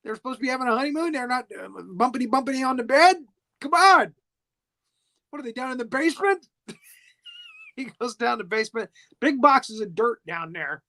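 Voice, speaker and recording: Giggly guy recapping an old movie on a podcast, bright chatty voice. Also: extremely high pitch, animated, a little fast. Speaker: podcast host. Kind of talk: casual film recap.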